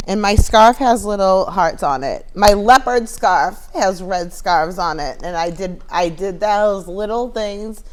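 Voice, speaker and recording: A woman's voice: mid-range voice, measured pace, few pauses. A woman co-hosting a podcast, chatting casually and teasing her co-host playfully. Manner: teasing, playful, describes things at length. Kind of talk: casual chat.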